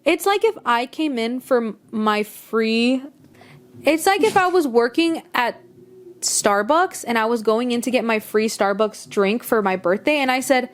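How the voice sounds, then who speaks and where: A woman's voice: on the high side, animated, a little slow. A woman in her twenties co-hosting a podcast in casual chat, ranting in exasperation about customers. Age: 20s. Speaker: podcast co-host.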